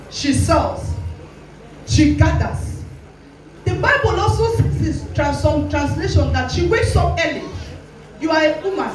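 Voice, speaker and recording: A woman pastor with a Nigerian English accent and a high voice preaches a sermon, challenging listeners directly and acting out quoted voices. She sounds distant in a very echoey hall with faint music and slight background noise.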